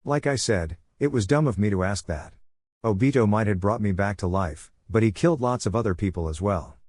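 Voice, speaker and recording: A man's voice: on the low side, animated, brisk, a little mellow, no room sound, studio quality. A man voicing an earnest young female ninja healer, in a plain reading voice. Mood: resolute.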